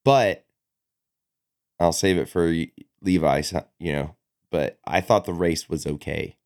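A man's voice: low-pitched, measured pace, darkish tone. A man co-hosting a casual podcast, blunt and slangy. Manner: blunt, slangy, says "dude" a lot. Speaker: podcast co-host. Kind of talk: casual chat.

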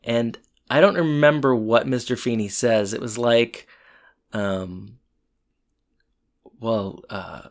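A man's voice: medium pitch, takes it slowly, pauses often. A man co-hosting a casual chat, retelling a TV episode in a loose, rambling way with fillers. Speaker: podcast co-host.

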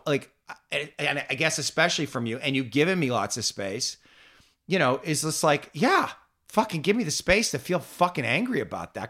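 A man's voice: on the high side, pushed and bright. A man hosting a podcast, ranting heatedly, swearing constantly and repeating himself. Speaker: podcast host. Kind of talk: heated conversational rant.

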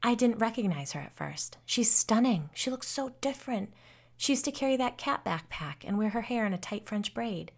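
A woman's voice: lowish voice, steady tone, brisk, creaky, hardly any pauses. A woman voicing the eager, chattering ghost of a teenage girl who turns bitter toward her old friends in this storybook reading. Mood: excited.

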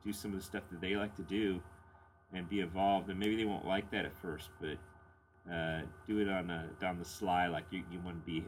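A man's voice: low voice, fairly even intonation, brisk, a little hiss or hum. A middle-aged man hosting a blues radio show, casually answering listener letters in a rambling, candid way with plenty of fillers and chuckles.

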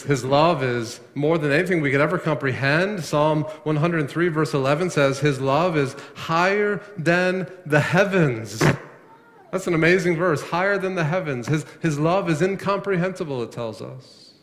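Preaching man in an echoing hall. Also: mid-range voice. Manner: asks questions and answers them himself, repeats words when emphatic. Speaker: pastor. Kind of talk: sermon. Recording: long echo of a large hall.

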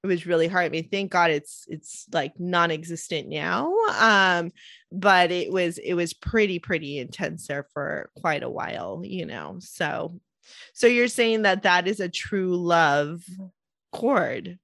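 A woman's voice: fairly low pitch, measured pace, vocal fry, a bit bright, no echo. Chatty woman podcast host, dry sound. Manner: chatty personal storytelling. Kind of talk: casual interview chat.

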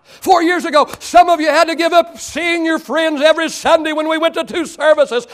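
An older man, a pastor, preaching a sermon that swings from quiet storytelling to loud shouting. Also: very high voice, fairly even intonation, normal speed.

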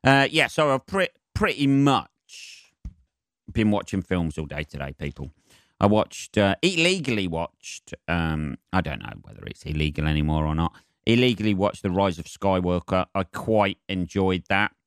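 Young guy, podcast host, low smooth voice, sweary rambling monologue. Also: very animated, normal speed, dry recording, studio quality. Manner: sweary, chatty, self-mocking.

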